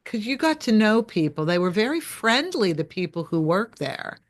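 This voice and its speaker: A woman hosting a casual chat, asking probing questions and reflecting out loud, with an expressive delivery. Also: medium pitch, normal speed. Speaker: host.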